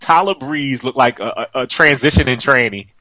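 A man with a mid-range voice co-hosts a wrestling podcast, chatting casually at a moderate pace. He's brash and animated, swearing freely and teasing, with no room sound on the recording.

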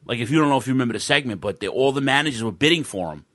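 Excitable rambling man telling a story. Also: medium pitch, racing. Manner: rambling, restarts often, swears, excitable. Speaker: podcast guest telling a wrestling fan story. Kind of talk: casual storytelling on a video call podcast.

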